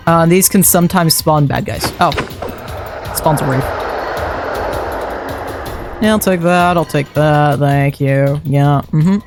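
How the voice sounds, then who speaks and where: A man's voice: on the high side, takes it slowly, pauses often. A man livestreaming a game, chatting and muttering his thoughts aloud as he plays. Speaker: streamer. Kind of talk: live game-stream commentary. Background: faint background music.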